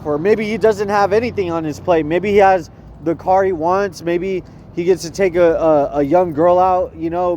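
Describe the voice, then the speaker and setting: A young man with a high voice rants in a loose, rambling way, swearing often and stumbling over restarts. He is recorded outdoors, with faint traffic noise behind him. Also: a little mellow. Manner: profane, repetitive, restarts often. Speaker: vlogger. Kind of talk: rambling rant.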